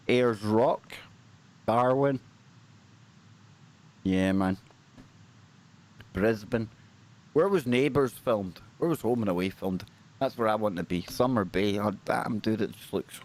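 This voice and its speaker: A man's voice: lowish voice, takes it slowly, pauses often, darkish tone. A Scottish man co-hosting a paranormal livestream, chatting casually and upbeat, often repeating phrases for emphasis. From Scotland.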